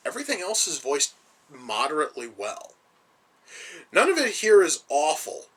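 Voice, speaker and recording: Man, film review rant, high-pitched, bright and sharp, exasperated, swearing, sarcastic. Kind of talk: ranting movie review.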